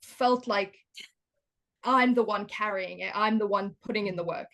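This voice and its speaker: A young adult woman, a daughter and podcast guest, telling a story in animated casual chat, often laughing. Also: medium pitch, moderate pace.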